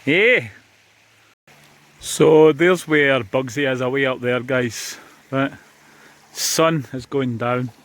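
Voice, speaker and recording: A chatty Scottish man talks casually to his viewers, outdoors on a beach. His pitch sits in a middle range. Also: steady tone, takes it slowly, no room sound. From Scotland. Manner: chatty, addresses viewers as guys. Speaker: vlogger. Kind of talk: casual outdoor vlog chat.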